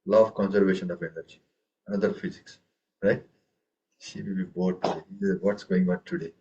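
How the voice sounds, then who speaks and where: Low, dark, and brisk, this man's voice stays fairly even in intonation as he teaches tabla to his students, over dull audio with slight background noise. He works patiently, often checking with "okay" and "right?", and voices the rhythm syllables for the class.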